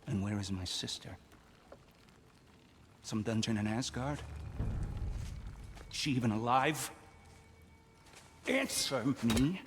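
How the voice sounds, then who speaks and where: Sardonic rebel god, mocking, slow measured delivery, faint background noise. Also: male voice, lowish voice, a bit bright. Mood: menacing. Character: proud, wary male rebel god leader.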